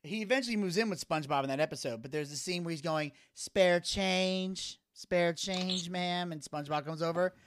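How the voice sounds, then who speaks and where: A man's voice: fairly high pitch, racing, hardly any pauses. A man co-hosting a podcast, chatting casually and acting out voices as he retells a funny video, laughing often. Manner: animated storyteller, acts out voices while retelling. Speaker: podcast co-host. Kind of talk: casual chat.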